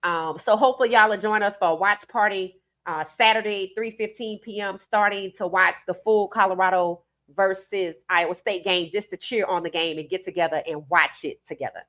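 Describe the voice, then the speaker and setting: A woman with a New Orleans accent hosting a live stream, giving emphatic, animated commentary and reading out viewer comments. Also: medium pitch, a little fast, few pauses.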